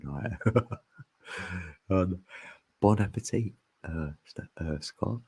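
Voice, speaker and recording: A man hosts a loose, joking livestream, rambling between laughs and the odd sung line. His voice sits very low and moves unhurriedly. It carries a husky edge. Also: extremely slow, pauses often, warm tone. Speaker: livestream host. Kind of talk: casual live stream chat.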